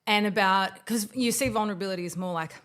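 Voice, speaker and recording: Woman podcast host; animated, dramatic storyteller, casual and a little profane. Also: medium pitch, quick pace. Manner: swears casually. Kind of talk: casual chat.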